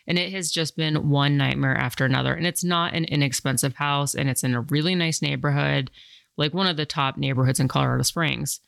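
A woman's voice: deep voice, fairly even intonation, brisk, creaky, a bit bright, dry recording, studio quality. A woman hosting a podcast, chatting casually and rambling with lots of fillers. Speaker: podcast host.

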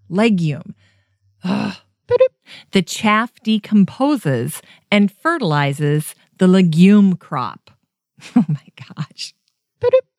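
Woman host reading outtakes, laughing at her own slips; unhurried delivery, dead-dry room. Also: medium pitch, darkish tone, dry recording. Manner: self-mocking, laughs at her own flubs. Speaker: podcast host. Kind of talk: recording outtakes, reading segments aloud.

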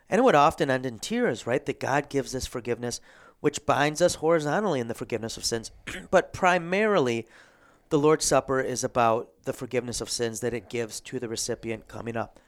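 A man, a pastor, hosting a theological discussion, thoughtful and a bit halting, often clearing his throat. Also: mid-range voice. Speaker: Lutheran pastor and host.

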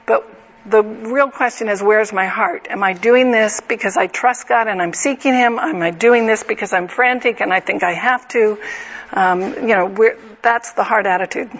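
A middle-aged woman teaches a Bible study in an earnest, conversational way, often turning to her listeners with direct questions. Her voice sits at an ordinary pitch for a woman. The recording is slightly dull and lo-fi. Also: normal speed, fairly bright tone, slightly rough.

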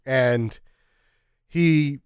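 A man's voice: medium pitch, very slow, clear, resonant tone, no room sound. A man co-hosting a casual podcast, retelling movie scenes and acting out the characters' lines. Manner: animated, acts out characters' lines. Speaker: podcast co-host. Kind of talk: casual movie-recap chat.

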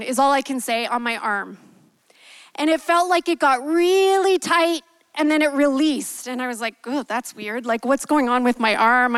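High pitched woman preaching, gentle and honest, dry close mic. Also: no room sound, low-quality recording. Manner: candid, gentle, storytelling with quoted asides. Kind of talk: sermon with personal story. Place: church.

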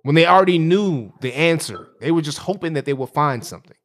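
A man's voice: a little high, animated, fairly quick, fairly bright tone. A man co-hosting a podcast, ranting about politics in a casual, rambling way, repeating words as he gets going, with a sarcastic edge. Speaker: podcast co-host. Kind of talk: casual chat and political rant.

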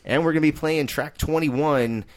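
A man's voice: on the high side, normal speed. A man who hosts a casual movie podcast, joking with friends and wrapping up the episode with plugs. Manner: joking, wraps up the show with plugs. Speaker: podcast host, film editor.

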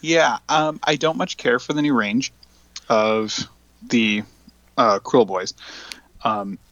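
A man's voice: mid-range voice, slow pace, fairly bright tone, highs cut off. A man talking as a guest in a casual hobby chat, blunt and wry.

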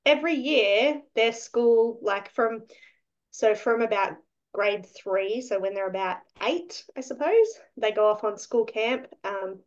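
Australian woman, podcast co-host, loose rambling delivery, slightly muffled recording. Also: medium pitch. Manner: chatty, rambling, trails off. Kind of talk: casual podcast chat.

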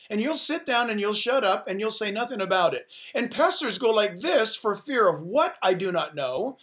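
A man's voice: high voice, expressive, normal speed, hardly any pauses, a bit bright. Fervent preaching male pastor guest. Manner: preachy, fervent, exhorting pastors in second person. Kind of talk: forceful talk-show interview.

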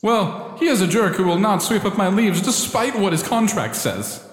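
A man's voice: animated, normal speed. A man voicing a self-important talking oak tree in a cartoon who makes grand proclamations and then grumbles about petty things. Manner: booming pompous proclamations that slip into casual complaining. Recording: roomy echo with long reverb.

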